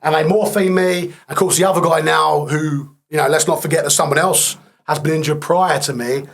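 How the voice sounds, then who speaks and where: A man's voice: on the high side, fairly even intonation, normal speed, gravelly. Blunt, matter-of-fact man telling his story. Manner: blunt, matter-of-fact retelling, dark humour. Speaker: podcast guest. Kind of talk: candid storytelling interview.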